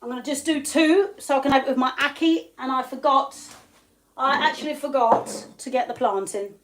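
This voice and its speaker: A woman from England with an English accent, hosting a live cooking stream in her kitchen, chatty and quick to laugh as she greets viewers. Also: high voice, fairly bright tone, a little hiss or hum. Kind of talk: casual live-stream chat while cooking. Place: home kitchen. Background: pots and pans clattering faintly.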